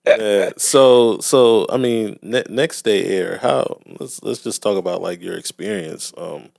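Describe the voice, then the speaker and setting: Low gravelly male co-host. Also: a little slow, no room sound. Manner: relaxed, affirming, frequent "right, right". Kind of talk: casual interview chat.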